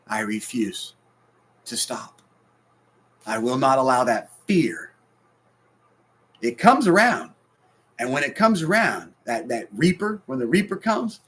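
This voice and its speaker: A man in his forties preaching a heartfelt sermon, swinging between loud bursts and hushed, near-whispered lines. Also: medium pitch, a little hiss or hum. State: sleepless and stressed. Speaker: pastor.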